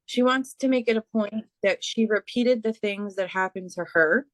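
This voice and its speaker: A woman giving a spiritual reading as a medium, speaking haltingly with many fillers and restarts. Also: medium pitch, dry recording. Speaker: psychic medium.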